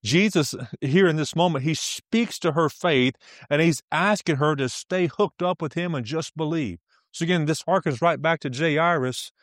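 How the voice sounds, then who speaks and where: A man's voice: a little high, moderate pace, a bit bright, no echo, clean studio sound. A male preacher teaching a sermon, emphatic, repeating key phrases and laughing often as he speaks.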